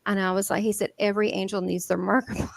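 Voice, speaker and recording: A woman with a Southern American accent telling stories in an interview, lively and laughing often, with many restarts. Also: mid-range voice, fast, gravelly. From southern United States. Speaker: guest medium. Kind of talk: animated storytelling in an interview.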